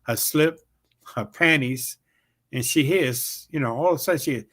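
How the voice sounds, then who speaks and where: A man's voice: medium pitch, moderate pace. Middle-aged comedian guy spinning a story, casual, laughing and cursing a lot. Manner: animated joke-telling with swearing and laughs. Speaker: comedian and show host.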